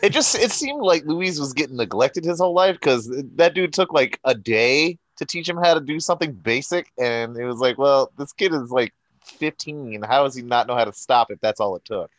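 A man's voice: medium pitch, animated, moderate pace, a bit bright, no room sound. Dry-sounding young man with wry asides. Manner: wry, dismissive asides, swears casually. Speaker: podcast co-host. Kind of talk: casual chat.

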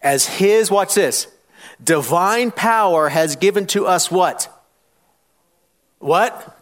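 A man's voice: high voice, slow pace, pauses often. A man preaching a sermon in church, reading scripture and calling out questions to the congregation for them to answer. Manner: call-and-response preaching, rising to loud challenges; reads scripture aloud with emphasis. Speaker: pastor.

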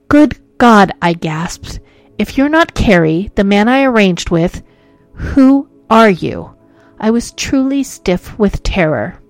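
A woman narrating a ghost story in an expressive reading, moving between hushed and urgent tones. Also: mid-range voice.

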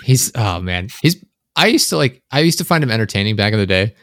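A young man chatting casually on a podcast, rambling and animated, swearing often, close to his microphone. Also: fairly low pitch, fast talker, no room sound. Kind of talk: casual chat. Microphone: close desk microphone.

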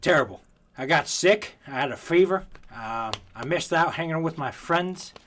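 A man on a friends' podcast talks with a lively, swooping delivery, a bit higher than most men. Faint clicking sounds carry underneath his voice. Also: normal speed, a little hiss or hum. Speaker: podcast co-host. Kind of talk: casual podcast banter.

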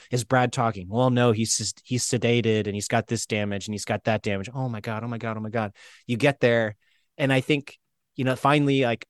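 A man from Florida, an injured veteran, telling his story as an interview guest in a casual, animated way, acting out the quotes. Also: mid-range voice, no echo, studio quality. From Florida, United States. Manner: animated, acts out quotes with shifts in voice.

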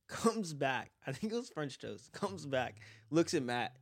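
A man's voice: a little high, sing-song, slow. A young man casually telling stories about his old restaurant job, swearing, laughing and acting out his coworkers' lines. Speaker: former restaurant worker. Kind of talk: casual storytelling among friends.

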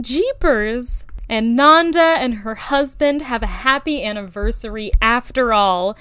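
A young woman reviewing a show in a sarcastic commentary, sliding into mock gushing excitement. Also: high voice, unhurried, clean tone, dry recording, studio quality.

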